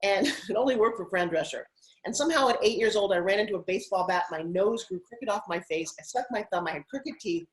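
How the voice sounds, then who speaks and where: A middle-aged woman from Long Island, talking as an interview guest in an upbeat, animated, persuasive way about her own story. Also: mid-range voice, quick pace, poor audio. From Long Island, United States. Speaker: guest, TV host and spokesperson. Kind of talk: motivational interview talk.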